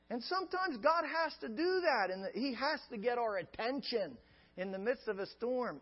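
A man with a high voice preaches a sermon, stacking phrase on phrase in an emphatic, repetitive cadence. The sound is dull and lo-fi, with a long reverb trailing each line as if from a large church hall. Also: expressive, moderate pace. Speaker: pastor.

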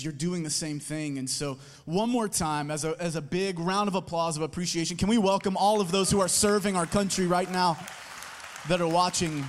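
A man, a campus pastor, rallies a church crowd with friendly welcomes and announcements, tired after little sleep. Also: a little high. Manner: energetic, crowd-rallying, friendly with fillers. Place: large auditorium. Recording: long hall reverb.

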